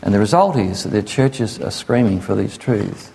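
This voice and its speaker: A man's voice: lowish voice, lively intonation, moderate pace, creaky, dark tone, slight background noise. A man preaching a sermon in an earnest, conversational way, sometimes acting out the voices of people he quotes. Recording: echoey hall.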